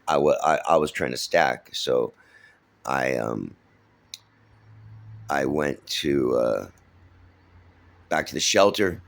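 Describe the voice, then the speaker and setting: A middle-aged man with a very low, gravelly voice tells his own life story in a loose, casual way. He rambles, swears freely and keeps restarting with "uh" and "um." He's from San Francisco. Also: expressive, slow pace, pauses often. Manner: rambling, profane, many fillers and restarts.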